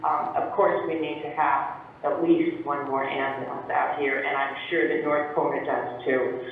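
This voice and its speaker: A man's voice: mid-range voice, little pitch movement, a little slow, vocal fry. A man giving earnest, orderly public testimony at a council hearing, taking each item in turn. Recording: echoey hall from far off, thin phone-like sound, faint hiss.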